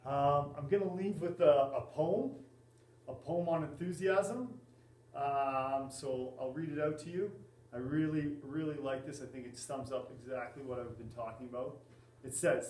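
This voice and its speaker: A man, a volleyball coach, giving a class presentation in a halting way with many fillers and restarts. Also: medium pitch, darkish tone, a little hiss or hum. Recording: echoey room, mic at a distance.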